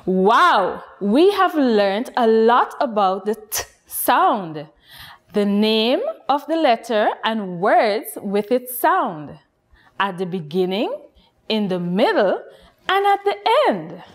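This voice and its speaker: A woman from Guyana teaching a nursery phonics lesson, speaking slowly and encouragingly to young children. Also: a little high, sing-song. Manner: slow, lilting, encouraging teacher voice addressing children.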